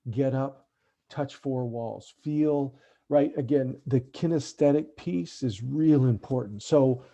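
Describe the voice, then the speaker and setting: A man's voice: medium pitch, mellow. A middle-aged man speaking earnestly to parents in an online talk, often checking in with "right?". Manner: earnest, tags sentences with "right?". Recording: dull lo-fi online call audio.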